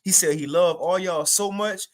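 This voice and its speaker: A young man giving a livestreamed spiritual testimony, telling the story in an animated, repetitive way with casual slang. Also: sits high, normal speed. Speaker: spiritual teacher sharing a testimony.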